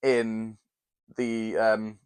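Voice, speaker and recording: A man's voice: lowish voice, monotone, very slow, darkish tone, smooth, no echo. A man co-hosting a podcast, talking in an enthusiastic, rambling, casual way. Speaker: podcast co-host. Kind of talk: casual chat.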